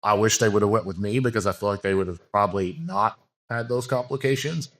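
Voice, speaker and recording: A man guesting on a podcast, a bodybuilding coach, rambles through a frank story with plenty of fillers and restarts in casual interview conversation. His voice is lowish and a bit bright, and he talks fairly quickly.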